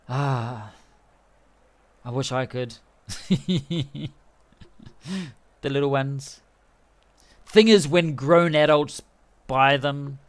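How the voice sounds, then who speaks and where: A man streaming a rugby management game live, chatting and commentating excitedly as the match plays out. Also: on the high side. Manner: excitable, chatty, laughing often.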